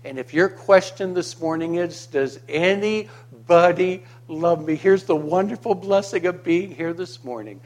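A male pastor with a fairly high voice, preaching slowly and deliberately. He swings between hushed, tender passages and loud, fervent declarations, often throwing rhetorical questions out to the congregation. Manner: impassioned, swings from quiet to loud. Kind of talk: sermon.

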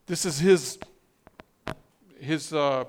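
A man's voice: on the high side, drawn-out words. A man preaching a sermon, reading scripture and quotes with emphatic, rising stress and frequent restarts. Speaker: pastor.

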